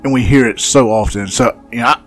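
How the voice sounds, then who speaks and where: A man co-hosting a faith podcast, speaking in a thoughtful, halting way. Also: mid-range voice, soft background music. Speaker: podcast co-host. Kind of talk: casual chat.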